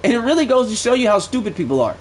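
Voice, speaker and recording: High-pitched young guy streaming live, swearing n getting aggravated, bit of background noise. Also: big pitch swings, very fast. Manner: blunt, profane, easily aggravated. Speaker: gaming streamer. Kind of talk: live gameplay commentary.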